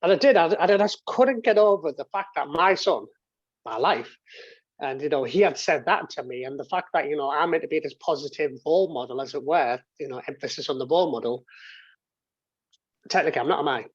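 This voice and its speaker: A man's voice: a little high, lively intonation, a little fast, slightly rough, dry recording. Chatty man, dull dry call audio. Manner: rambling, with frequent restarts and swearing. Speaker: interview guest. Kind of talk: casual storytelling. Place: home office and games room.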